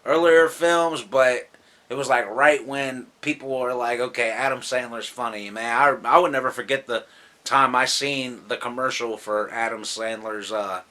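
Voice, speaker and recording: A man's voice: medium pitch, steady tone, normal speed, sharp tone. Tipsy, profane man ranting about movies. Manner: loose, rambling and profane, laughing often. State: drunk. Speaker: movie vlogger. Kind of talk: casual movie countdown.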